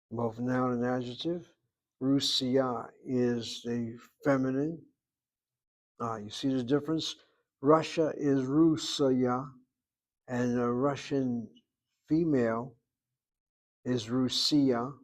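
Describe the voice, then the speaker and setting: A man lecturing a class at an unhurried pace, his pitch sitting in an ordinary middle register. He breaks words into syllables one at a time and drifts into thoughtful side remarks. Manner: slow, deliberate spelling-out of words, musing asides. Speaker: Hebrew teacher.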